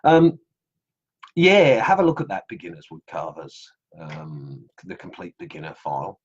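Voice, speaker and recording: A middle-aged man from England, whose Australian accent carries traces of English, hosts an online group's casual live stream through a computer mic. His low-pitched, slightly rough voice swings hugely in pitch at a normal speed, the highs cut off, as he rambles through viewer comments with many ums.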